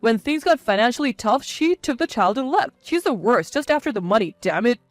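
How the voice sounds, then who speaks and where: Woman doing a blunt arrogant man, high voice, dry close sound, storybook narration. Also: big pitch swings, brisk, dry recording. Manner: blunt, then pleading. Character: arrogant then whiny man, failing company president.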